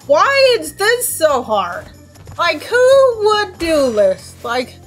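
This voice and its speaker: A woman's voice: high-pitched, big pitch swings, slow. A young woman commenting on her own gameplay, exasperated and self-mocking, slipping into sing-song complaints. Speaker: let's play gamer. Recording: faint game music behind.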